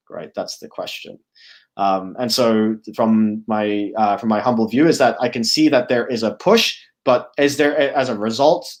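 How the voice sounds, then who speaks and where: A man giving a conference presentation as guest speaker, thinking aloud with many fillers, restarts and a habitual "right?". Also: medium pitch. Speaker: guest speaker, product officer.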